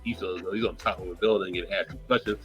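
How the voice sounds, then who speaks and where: A man co-hosting a podcast, casually reviewing an anime and retelling scenes in a loose, profane, animated way. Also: low-pitched, rapid-fire, soft background music. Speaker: podcast co-host.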